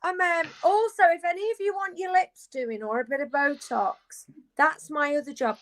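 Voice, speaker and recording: A woman guest on a casual live video chat, lively and candid, talking from her beauty room at home. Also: high voice, moderate pace, a loud crowd, poor audio. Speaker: guest, actress. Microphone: video call.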